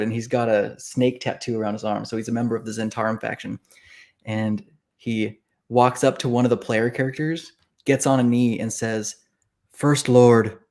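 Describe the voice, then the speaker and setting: Male author guest, casual chat, animated storyteller, mid-range voice. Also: mid-range voice. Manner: animated storyteller, acts out quoted reactions.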